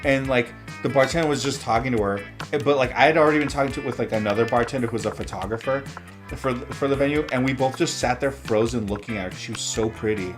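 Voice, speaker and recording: A man's voice: mid-range voice, fast, over music. A young adult man, a streamer, telling rambling stories in casual chat while playing a game, with many "like" fillers. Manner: rambling storyteller, heavy use of "like".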